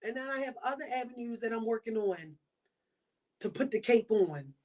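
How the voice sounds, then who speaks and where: A woman's voice: on the high side, expressive, moderate pace, a little mellow. Emphatic woman podcast host, preaching. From Baltimore. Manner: preachy, emphatic, repeats points. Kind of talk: motivational monologue.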